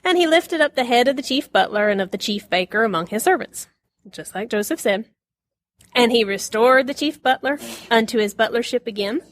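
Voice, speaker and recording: A woman giving a casual Bible lesson, chatty and quick to laugh, acting out the lines she quotes. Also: on the high side, animated, no echo, studio quality. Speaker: Bible teacher.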